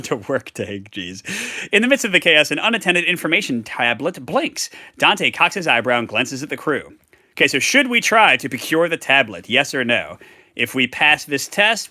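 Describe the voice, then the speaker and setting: A man's voice: medium pitch, sharp tone, no echo, studio quality. A man hosting a live tabletop game playthrough, reading cards aloud with chatty asides. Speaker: host.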